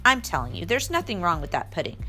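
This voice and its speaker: A woman voicing a calm, good-humored father in a storybook reading, speaking in an unhurried, soothing way. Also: lowish voice, faint music behind, full character voice. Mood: reassuring.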